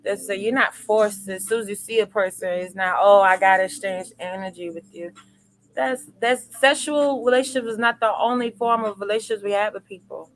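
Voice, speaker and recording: A woman's voice: mid-range voice, fairly quick, low-quality recording. Woman reading viewer comments, faint hiss. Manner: reads out viewer comments, reflective and affirming. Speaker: host of a live spiritual reading stream. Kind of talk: casual chat.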